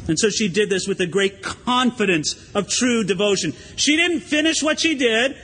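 A man preaching a sermon as pastor, in a conversational, animated way. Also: high voice, normal speed, hardly any pauses. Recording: long hall reverb.

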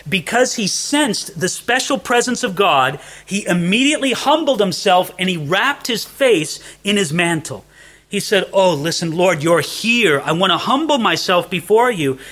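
A man preaching a sermon in a high, bright voice. He is earnest, dropping to a hush and then lifting into emphasis. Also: sing-song, normal speed. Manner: earnest, shifts between hushed and emphatic.

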